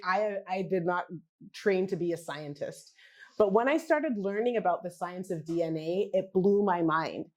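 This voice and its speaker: A woman giving a conversational talk at a wellness summit, animated, posing questions to the audience and acting out what other people say. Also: on the low side. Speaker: genealogy practitioner and speaker. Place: summit event.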